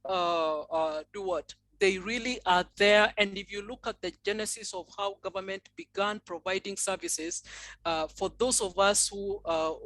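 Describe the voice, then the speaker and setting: A woman's voice: medium pitch, a bit bright, no room sound, low-quality recording. A woman panelist from Nigeria talks through her answer with many fillers and restarts. Her voice sits mid-range and sounds dry and close. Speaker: conference panelist.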